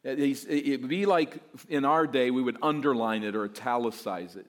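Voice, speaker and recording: A pastor preaching an expository sermon, emphatic and voicing imagined objections. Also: male voice, medium pitch, moderate pace, few pauses. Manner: emphatic, voices mock objections.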